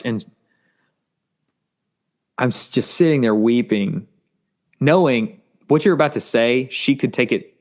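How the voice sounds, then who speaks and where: A man earnestly telling a personal testimony in an interview, halting and repeating words, his voice rising as he gets intense. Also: mid-range voice. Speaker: guest sharing testimony.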